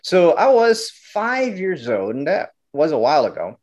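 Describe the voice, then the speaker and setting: Animated filmmaker. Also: male voice, a little high, unhurried. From Brazil. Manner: animated, acts out quotes, many restarts. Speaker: guest filmmaker. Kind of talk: storytelling interview talk.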